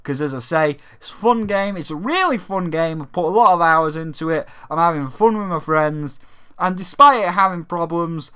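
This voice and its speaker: A man's voice: fairly high pitch, moderate pace, smooth. A young British man hosting a gaming channel, ranting casually with lots of swearing and mocking imitations. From Britain. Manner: sweary, animated, mocking voices.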